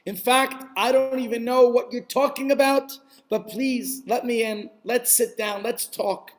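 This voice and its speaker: A man voicing a kind rabbi who gently reassures a frightened man in a told story. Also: very high-pitched, steady tone, a little slow, pitched above the performer's own voice. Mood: kindly. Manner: soothing, reassuring. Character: kindly, gentle elderly rabbi.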